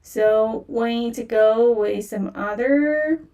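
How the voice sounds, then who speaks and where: Woman, teacher, very slow patient delivery, mellow gravelly voice, a little distant from the mic. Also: on the high side. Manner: slow and patient, repeats phrases many times, fillers like "yeah". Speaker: Chinese language teacher. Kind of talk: livestream language lesson.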